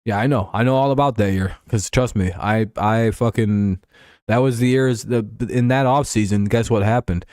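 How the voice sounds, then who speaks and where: A man's voice: on the low side, normal speed, darkish tone, clean tone, dry recording, clean studio sound. A man chatting casually on a livestream about sports, rambling, swearing and chuckling as he answers his chat. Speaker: streamer.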